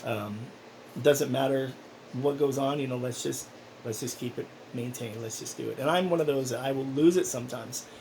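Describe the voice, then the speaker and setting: A man's voice: medium pitch, moderate pace, a little mellow, a little hiss or hum, poor audio. A man talking casually in a personal vlog, rambling and earnest, with many restarts. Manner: earnest, encouraging. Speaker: vlogger.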